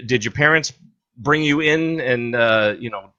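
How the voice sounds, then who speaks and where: Male host, bright sharp voice, halting rambling questions, muffled lo-fi sound. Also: medium pitch. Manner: halting, many fillers and restarts. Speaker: interview host. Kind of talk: interview questions. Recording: dull lo-fi audio.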